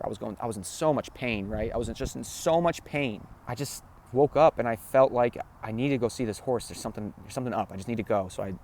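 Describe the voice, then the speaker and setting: A man's voice: on the low side, a little mellow, a little hiss or hum. A man hosting a spiritual talk, telling a personal story in an earnest, emotional way, repeating phrases and checking in with the listener. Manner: earnest, repeats phrases, keeps asking "right?".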